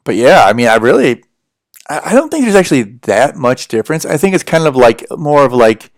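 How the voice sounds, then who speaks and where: A man's voice: mid-range voice, sing-song, a little fast, no echo, clean studio sound. Chatty American man on a livestream. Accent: General American. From United States. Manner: rambling, chatty, answers viewer questions. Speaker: livestream host. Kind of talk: casual livestream chat.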